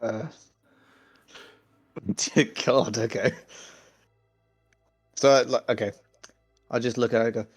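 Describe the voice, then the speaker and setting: A man's voice: medium pitch, steady tone, takes it slowly, long pauses, faint music behind. A man playing a tabletop game, casual and blunt, laughing and swearing as he describes his moves. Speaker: player.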